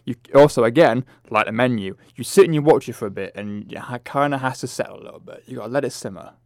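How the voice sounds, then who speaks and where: A man co-hosting a casual film review podcast, talking hesitantly with fillers and often trailing into a low mumble. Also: fast, no echo, clean studio sound. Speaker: podcast co-host.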